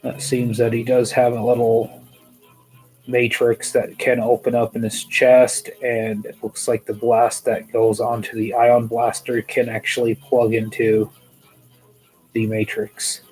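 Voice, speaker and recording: A man's voice: medium pitch, monotone, unhurried, a little mellow, faint music behind, low-quality recording. A man hosting a casual toy news show, rambling and hesitant, with many fillers, tired and yawning. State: sleepy, yawning.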